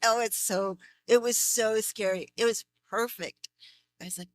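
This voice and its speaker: A woman voice actress answering fan questions at a convention Q&A, chatty and animated, laughing often as she tells stories. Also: on the high side, a little slow. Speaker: voice actress guest.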